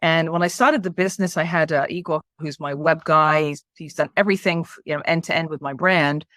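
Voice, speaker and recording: A woman's voice: deep voice, fairly even intonation, fairly quick, fairly bright tone, dry recording, studio quality. A woman in her fifties from the United Kingdom, a leadership coach being interviewed on a podcast. She speaks enthusiastically and at length. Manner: enthusiastic and talkative.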